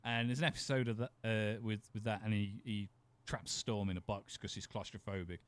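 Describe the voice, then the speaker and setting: A man's voice: on the low side, fairly even intonation, a little fast, smooth. A man co-hosting a podcast, chatting casually, rambling, swearing and laughing often. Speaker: podcast co-host. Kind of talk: casual chat.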